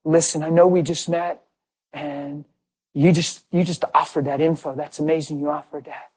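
A middle-aged preacher from Pennsylvania with a somewhat high voice, telling stories in a loose, conversational sermon. He leans hard on his points and keeps asking the crowd questions, then answering them himself. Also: flat delivery, normal speed, darkish tone, low-quality recording. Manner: emphatic, asks rhetorical questions and answers them.

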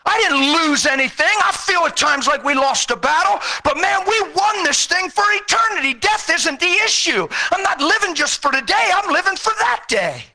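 A male preacher delivering a fervent, exhorting sermon, rising to shouts and then falling low and intense. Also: expressive, normal speed, creaky, hardly any pauses.

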